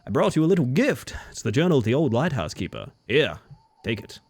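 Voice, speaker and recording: A friendly, boastful fishing-boat captain from a video game, folksy and chatty, as a man reads his lines aloud. The voice swings lively up and down, with a mid-range pitch. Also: fairly quick, husky.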